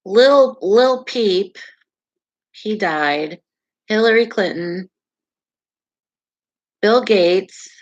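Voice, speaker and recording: Brief: middle-aged woman, unhurried chatty stream host, laughs a lot, slightly dull lo-fi sound. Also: mid-range voice, expressive. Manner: chatty, laughs often, reacts to comments. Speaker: livestream astrology host. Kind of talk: casual live-stream chat reading viewer comments.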